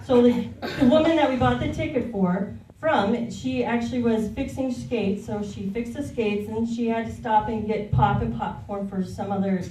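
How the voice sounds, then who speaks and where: A woman's voice: fairly high pitch, moderate pace, hardly any pauses, mellow, reverberant, distant mic, slight background noise, low-quality recording. A woman in her thirties doing a stand-up set on a comedy club stage, telling a rambling, confessional story. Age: 30s.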